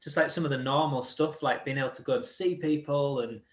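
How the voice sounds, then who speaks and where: A man's voice: medium pitch, brisk, roomy sound. A man hosting a church live-stream chat in a casual, jokey way with plenty of fillers. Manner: chatty, jokey, lots of fillers.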